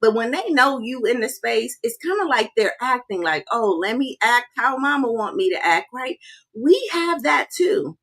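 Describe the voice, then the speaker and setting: A woman coaching a live audience in a direct, energetic way. She often repeats her key points and keeps checking in with "right?". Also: on the high side, normal speed, hardly any pauses. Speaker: life coach. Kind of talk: live-streamed coaching talk.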